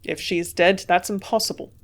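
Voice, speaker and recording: Gruff older German chemist with a strong accent, growled and curt; a woman reads him. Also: on the low side, fairly even intonation, fairly quick, natural voice.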